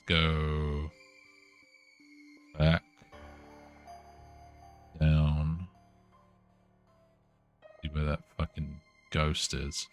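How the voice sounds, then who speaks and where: A man with a very deep voice streams a horror game live. He reads the on-screen text aloud and reacts with swearing and dry, self-mocking jokes. Faint game music sits behind him.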